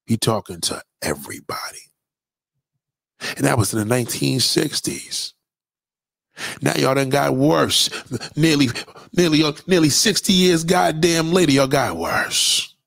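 A man's voice: mid-range voice, animated, a little slow, creaky, long pauses, a bit bright, no echo. A man delivering a profane, preachy rant straight at his audience. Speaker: commentator. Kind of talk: impassioned monologue rant.

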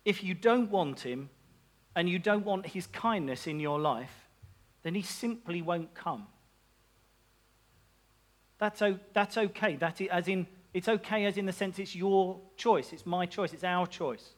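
Male preacher, high voice, casual sermon delivery with playful asides. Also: a little slow. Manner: chatty and self-mocking, with asides and laughs.

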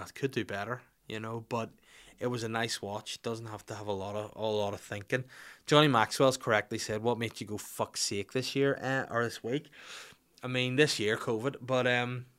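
A man's voice: mid-range voice, a bit bright. A man, hosting a podcast in casual chat, reading out listener questions with blunt, jokey swearing. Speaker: podcast host.

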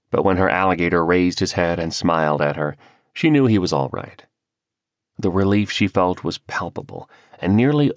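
Deep-voiced male audiobook narrator. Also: no room sound, studio quality. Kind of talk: scripted narration.

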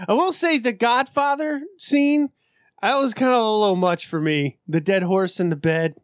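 Loud swearing man in casual banter. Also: high-pitched, moderate pace, no echo, clean studio sound. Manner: swears a lot, loud animated bursts. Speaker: podcast co-host.

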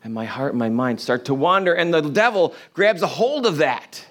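A man's voice: fairly high pitch, very animated, normal speed, fairly bright tone. A man preaching an informal sermon to a congregation in a room, earnest and conversational, often restarting his phrases. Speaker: pastor.

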